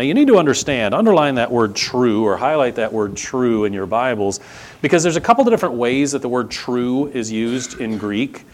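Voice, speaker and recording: A man preaching a sermon, animated and conversational, with asides to the congregation. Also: mid-range voice. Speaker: pastor.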